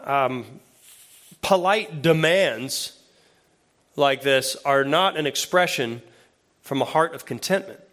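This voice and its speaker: A man who is an associate pastor, preaching a sermon in a conversational way that grows lively when he quotes scripture. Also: medium pitch, unhurried.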